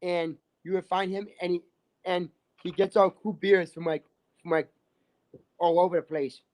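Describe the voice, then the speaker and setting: A man's voice: high voice, fairly even intonation, normal speed, darkish tone. Rambling man telling a story. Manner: rambling, many restarts and "like"s. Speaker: livestream guest. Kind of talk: casual storytelling chat.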